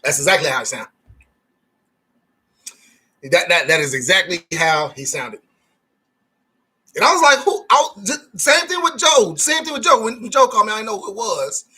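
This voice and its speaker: Dude hosting a live chat, bright husky voice, joking around and reading comments. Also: male voice, sits high, animated, normal speed. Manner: joking, reads chat comments aloud, laughs often. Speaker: live stream host.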